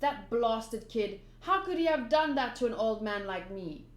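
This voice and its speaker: A cranky old town mayor , voiced by a woman reading a manga, grumbles and scolds gruffly. The pitch sits high and moves a lot. A roomy echo surrounds the voice. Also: lively intonation, a little slow. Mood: grumbling.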